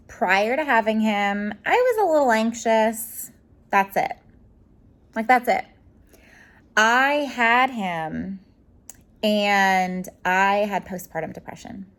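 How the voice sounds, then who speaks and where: A woman's voice: mid-range voice, a bit bright. Bubbly rambling woman vlogger. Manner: bubbly, rambling, emotional, talks with her hands in words like "like". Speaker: home organizing vlogger. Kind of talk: personal story told to camera. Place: home room with a curtain.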